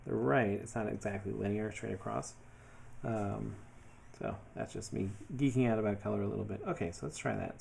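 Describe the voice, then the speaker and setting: A man talking casually through his design work as he goes, thinking aloud in a relaxed way with many fillers. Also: lowish voice, gravelly, slight background noise. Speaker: web developer building his portfolio. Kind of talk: casual screen-share commentary.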